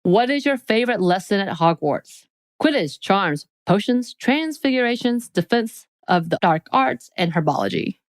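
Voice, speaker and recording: A woman's voice: medium pitch, expressive, moderate pace, no room sound, clean studio sound. A woman co-hosting a podcast, reading quiz questions aloud in a playful, casual chat. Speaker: podcast co-host.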